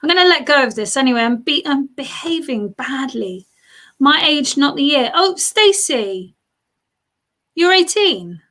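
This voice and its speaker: Bright, high-voiced British woman medium. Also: expressive, unhurried. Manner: chatty, reads out viewer comments and talks straight to them. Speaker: spiritualist medium. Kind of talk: live-streamed mediumship reading.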